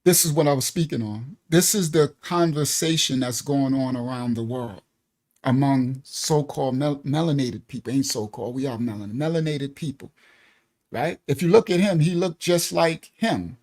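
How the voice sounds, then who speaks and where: A man hosts a live stream with casual reaction commentary, animated and laughing often. His voice is medium-pitched and he talks at normal speed.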